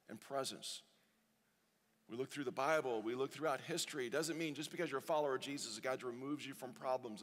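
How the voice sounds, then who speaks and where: A man preaching at a communion service in a church, earnest and deliberate, drawing out quoted scripture slowly. His voice sits in the middle of the range and rings with a long church echo. Soft instrumental music plays underneath. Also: medium pitch. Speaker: pastor. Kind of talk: sermon and communion prayer. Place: church sanctuary.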